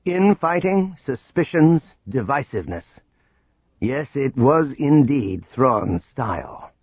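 A man narrating an audiobook in an expressive way, voicing every character himself. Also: medium pitch, slow, breathy edge, dry recording, lo-fi sound. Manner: expressive, performs all the characters. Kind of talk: scripted narration.

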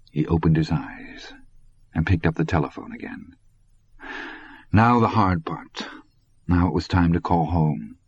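A man narrating an audiobook in a husky voice. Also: low voice, unhurried, long pauses, no echo. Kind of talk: scripted narration. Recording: dull, lo-fi recording.

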